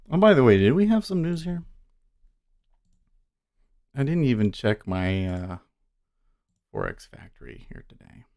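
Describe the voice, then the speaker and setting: A man streaming live day trading, talking casually and thinking aloud as he watches the market. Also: mid-range voice. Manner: thinks aloud, musing and unhurried.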